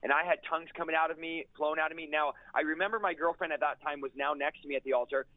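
In an interview, a male guest preacher shares his conversion testimony with fervent, rapid intensity, piling up phrases and repeating key lines for emphasis, his somewhat high voice holding a steady tone. The recording sounds thin and tinny like a phone line, dry with no room sound.

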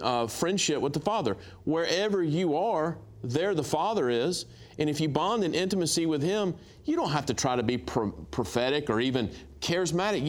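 A middle-aged man, a guest minister, telling lively stories on a talk show and acting out dialogue with laughs. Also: a little high. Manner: animated storyteller, acts out dialogue, laughs. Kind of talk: storytelling testimony on a talk show.

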